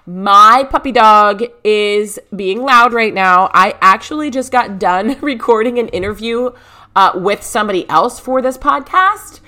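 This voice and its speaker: A woman's voice: mid-range voice, expressive, measured pace, sharp tone. A woman in her thirties hosting her podcast from home, chatty and upbeat, laughing often as she talks into a podcast microphone. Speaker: podcast host. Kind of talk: casual podcast chat.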